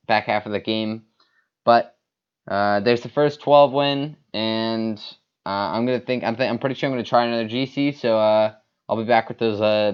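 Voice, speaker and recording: Low, smooth-voiced man rambling over gameplay. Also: lo-fi sound. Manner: rambling, many fillers and restarts. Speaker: gaming YouTuber. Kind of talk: casual gameplay commentary.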